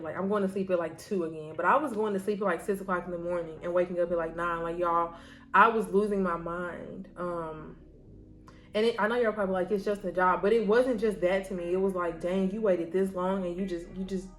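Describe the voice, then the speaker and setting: A woman of about thirty, a law student chatting candidly to her viewers while doing her makeup at home, rambling and saying y'all. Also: medium pitch. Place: home, near her bed.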